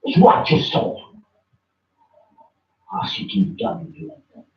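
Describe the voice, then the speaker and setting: A man preaching informally in blunt, slangy, confrontational talk to a listener. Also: a little slow. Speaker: religious teacher. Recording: distant, roomy, dull audio.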